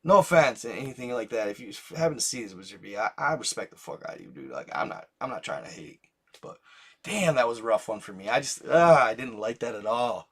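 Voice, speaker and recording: A man's voice: medium pitch, big pitch swings, a little fast, breathy edge. A young man hosting his channel, rambling casually in profane slang full of restarts. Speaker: channel host.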